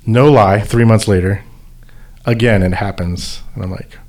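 A man who volunteers as an event organizer rambles through a casual story, with lots of fillers, stops and restarts. His slightly low voice is a little mellow, with fairly even intonation and a measured pace.

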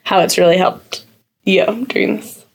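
A woman's voice: medium pitch, steady tone, moderate pace. A young adult woman co-hosting a podcast with friends, upbeat and asking questions casually. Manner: upbeat, asks questions with fillers. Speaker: podcast co-host. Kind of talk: casual chat among friends.

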